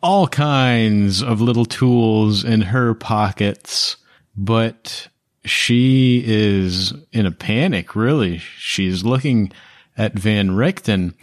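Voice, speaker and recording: A man's voice: fairly low pitch, extremely slow, no room sound, studio quality. A man narrating a tabletop game as game master in a casual, rambling way with laughing asides.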